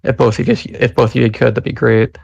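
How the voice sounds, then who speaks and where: Casting note: chatty male host, mid pitch, dry close sound, talks loosely with plenty of ums. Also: level tone, quick pace, creaky, darkish tone, husky, dry recording, highs cut off. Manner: loose, filler-heavy, chatty. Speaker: podcast host. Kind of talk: casual live audio chat.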